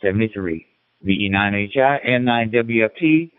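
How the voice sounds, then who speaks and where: A folksy man talking over a ham radio link, rambling from one thought to the next and restarting his sentences. His voice is smooth and clear but comes through narrow and tinny. It sounds close and dry, with no room around it. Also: fairly low pitch, expressive, normal speed, no echo. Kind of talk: casual radio chat.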